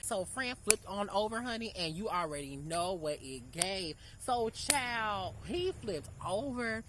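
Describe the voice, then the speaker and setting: A woman's voice: medium pitch, very animated, unhurried, noisy background. A young woman tells a casual storytime in a sassy, brash way, calling her listeners girl and honey. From Memphis, Tennessee. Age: 20s. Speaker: vlogger.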